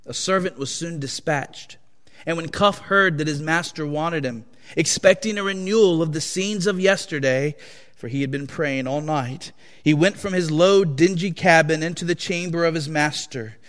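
A man's voice: a little high, fairly bright tone. A male preacher telling a dramatic story in a sermon, in a solemn, weighty manner. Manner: slow, solemn and dramatic reading. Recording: long echo of a large hall.

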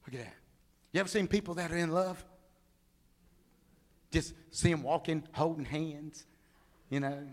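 A man preaching a humorous sermon, telling animated stories and acting out the people in them. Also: fairly high pitch, moderate pace, long pauses. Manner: animated storytelling, acts out people.

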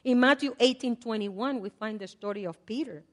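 An older woman preaching a sermon in a conversational way. She swings between loud repeated prayers and soft asides. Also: fairly high pitch, normal speed. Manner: conversational, with fillers and laughs. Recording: long hall reverb.

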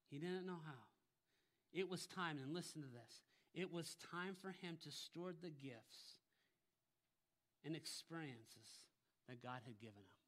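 A pastor preaching a sermon, emphatic, often putting rhetorical questions to his congregation. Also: on the high side.

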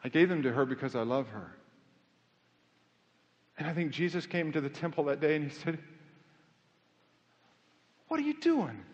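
High-voiced preacher in an echoing church. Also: male voice, a little fast, long pauses. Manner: conversational preaching with self-deprecating humor, rising to fervent emphasis. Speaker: pastor. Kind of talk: sermon. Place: church sanctuary. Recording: muffled sound with long hall reverb.

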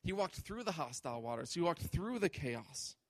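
A man's voice: fairly high pitch, big pitch swings, moderate pace, dry recording. A male pastor preaching a sermon with emphasis, often acting out imagined voices.

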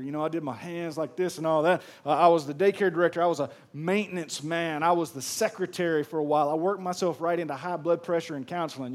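A man from Mississippi with a Southern accent, a pastor preaching a sermon in a chatty, joking way and talking straight to the congregation. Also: high voice. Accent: Southern American. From Pearl, Mississippi. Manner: jokey, chatty, addresses the crowd directly.

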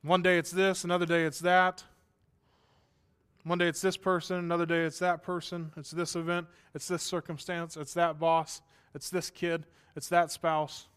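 A man's voice: a little high, flat delivery, normal speed, a bit bright, smooth. A man preaching a sermon as pastor, earnest and building to emphatic passages, with dry asides.

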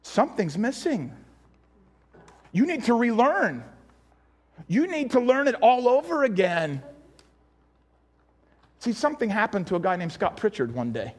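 A man preaching a sermon as pastor, animated, acting out voices and shouting at times for emphasis. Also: high voice, a little slow, long pauses.

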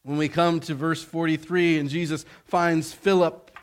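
Emphatic preacher man, slightly high voice. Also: flat delivery, measured pace, clean tone. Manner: emphatic, swinging from loud exhortation to hushed softness; asks rhetorical questions. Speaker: pastor. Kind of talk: sermon.

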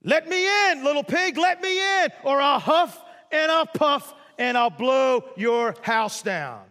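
A man voicing the big bad wolf in a storybook retelling, with loud, drawn-out threats. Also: very high-pitched, lively intonation, in a large hall, pitched above the performer's own voice, exaggerated voice. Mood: threatening. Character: big bad wolf, male, menacing and blustering.

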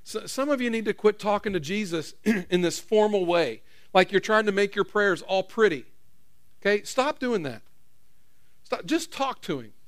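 Middle-aged pastor, high voice, chatty sermon style, talks straight to the pews. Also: male voice, expressive, normal speed. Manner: conversational, repeats phrases, questions the audience. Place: church.

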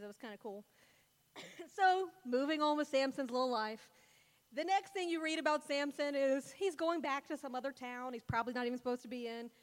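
A young woman giving a casual, playful sermon, retelling Bible stories and acting out the characters in mock voices. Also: high-pitched. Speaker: speaker preaching to a congregation. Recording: long hall reverb.

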